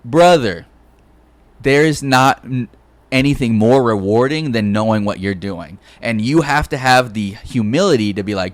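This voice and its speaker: A man's voice: mid-range voice, normal speed, no room sound. A man co-hosting a podcast, talking bluntly and crudely in casual chat. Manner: blunt, crude, acts out quoted lines. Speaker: podcast co-host.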